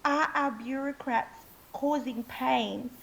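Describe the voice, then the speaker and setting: Aussie woman guest, fairly high voice, earnest and fired up, keeps saying okay?. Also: slow pace, gravelly, poor audio. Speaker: interview guest. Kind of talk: impassioned interview talk.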